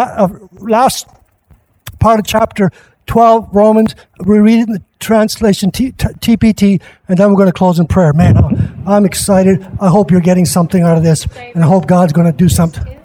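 A male pastor preaching a sermon at a church service, impassioned and rising at times to shouts. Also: sits high.

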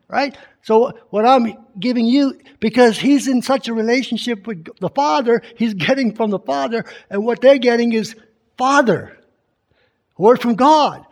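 An extremely high-pitched male voice at a moderate pace leads a sermon, teaching conversationally and reading scripture aloud with emphasis. He keeps quizzing the congregation with questions.

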